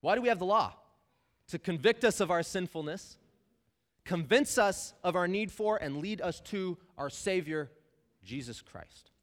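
A man's voice: high-pitched, expressive, unhurried. A man preaching a sermon, emphatic and conversational, talking straight to the listeners. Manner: emphatic, conversational, addresses listeners as "you guys". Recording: long hall reverb.

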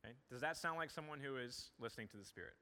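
Pastor, male, conversational sermon delivery with earnest emphasis, bright forceful tone, reverberant church hall. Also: medium pitch, animated, very fast.

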